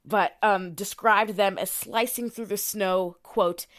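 A woman's voice: mid-range voice, fairly even intonation, slow pace, a bit bright, dry recording, studio quality. A young woman co-hosting a podcast, telling a story in a casual, swearing, filler-heavy way and reading quotes aloud. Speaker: podcast co-host.

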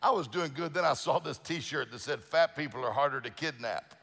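A man's voice: a little high, brisk, vocal fry, hardly any pauses, a bit bright, big-room sound, slight background noise. A middle-aged male pastor preaching a sermon, telling folksy stories with lots of restarts and fillers. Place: church sanctuary.

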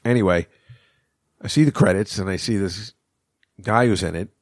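A man's voice: sits low, moderate pace, no echo, studio quality. A man in his fifties hosting his own podcast, telling a rambling, profane story and laughing at his own jokes. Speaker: podcast host. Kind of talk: casual rambling monologue.

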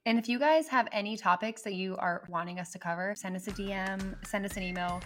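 A woman co-hosting a podcast in animated, casual talk that is full of "like" fillers. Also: mid-range voice, brisk, slight background noise. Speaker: podcast co-host. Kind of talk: casual chat.

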